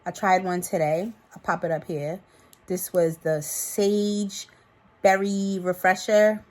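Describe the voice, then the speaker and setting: A woman in her thirties from New York with a New York accent, chatting casually to her viewers in an animated, tipsy vlog. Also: on the low side, slow pace. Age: 30s. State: a little tipsy. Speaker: vlogger. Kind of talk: casual chat to camera.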